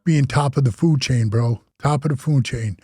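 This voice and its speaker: An older Wisconsin man, formerly president of a biker club, casually tells long, rambling stories full of slang, saying "bro" and "man" a lot. His mid-range voice is dark-toned with a breathy edge, moves at a moderate pace, and has no room sound.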